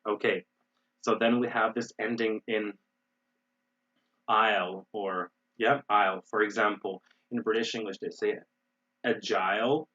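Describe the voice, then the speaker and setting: Husky American man teaching pronunciation. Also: lowish voice, flat delivery, moderate pace, a bit bright, lo-fi sound. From United States. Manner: explanatory, with many fillers and restarts. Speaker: English teacher. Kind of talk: online webinar lesson.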